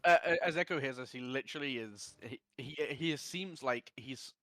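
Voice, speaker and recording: A man playing a tabletop game, describing his character's reaction with halting repeats. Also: medium pitch, bright, forceful tone, no room sound. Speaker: player. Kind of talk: casual game chat.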